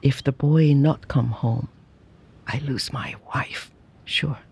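A reader playing a grieving Chinese merchant father who speaks slowly and plainly, in a storybook reading. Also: medium pitch, animated, darkish tone, slightly rough, exaggerated voice. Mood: mournful. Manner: slow, sorrowful and plain-spoken. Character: grieving middle-aged Chinese merchant father, quiet and mournful.

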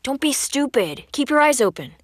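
A woman voicing a stern, blunt, protective elder sister in a dubbed drama, curt and sharp-tongued. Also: high voice, big pitch swings, moderate pace, dry recording, clean studio sound. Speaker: dub actor.

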